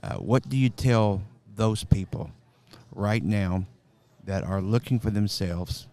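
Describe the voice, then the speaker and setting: A man's voice: on the low side, takes it slowly, dark tone. A man hosting a church podcast, asking a long, thought-out question. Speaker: podcast host. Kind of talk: interview questions.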